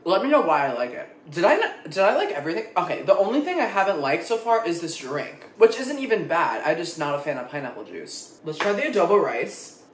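A young man reviewing fast food in a casual vlog, his voice swinging up and down in lively, dramatic reactions. He swears freely and plays everything up. The room adds a noticeable echo and faint background noise. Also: a little high. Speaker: food vlogger. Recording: echoey room.

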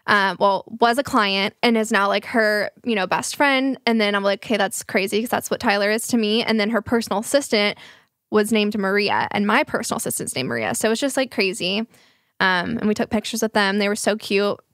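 A woman in her twenties chatting casually as a podcast host, telling an animated story, acting out quotes and swearing freely. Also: medium pitch, a little fast, dry recording, studio quality. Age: 20s. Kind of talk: casual chat.

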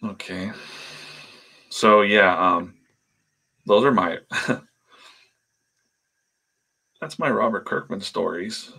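A man's voice: lowish voice, drawn-out words, vocal fry, pauses often, pushed and bright, breathy edge. A man, a comic artist, telling stories in a rambling, chatty way while he draws, often trailing off into mumbles. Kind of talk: casual storytelling while working.

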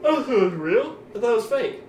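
A man co-hosting a casual movie commentary, goofy, with crude jokes and loud outbursts. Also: very high-pitched, very animated, fast, roomy sound, a little hiss or hum. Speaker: commentary co-host.

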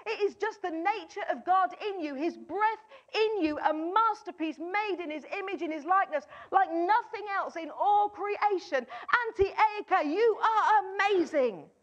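High-voiced woman preaching emphatically. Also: moderate pace, hardly any pauses, dull audio. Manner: emphatic, repeats key phrases, acts out doubters' lines. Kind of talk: sermon.

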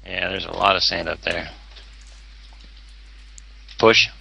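A man's voice: low-pitched, flat delivery, takes it slowly, gravelly, pushed and bright, breathy edge, low-quality recording. A man chatting casually while playing a game, playful and fond of putting on accents. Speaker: game player. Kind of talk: casual gameplay chat.

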